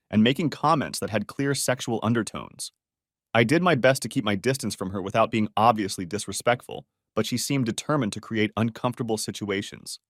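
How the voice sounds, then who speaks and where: Lively male story narrator. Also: lowish voice, no echo, clean studio sound. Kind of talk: scripted first-person story narration.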